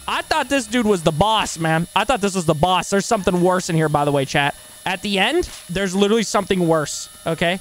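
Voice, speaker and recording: A man streams a game live and reacts loudly to everything on screen. His pitch jumps all over as he shouts, swears and thanks each new follower by name. The delivery is loose, fast-reacting and unscripted. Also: expressive. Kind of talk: live gaming commentary.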